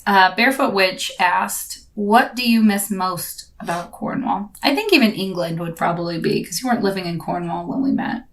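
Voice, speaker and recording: Woman, podcast host, casual chat, chatty, laughs easily, mid pitch. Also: normal speed, few pauses, a bit bright. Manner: chatty, laughs easily, reads listener questions.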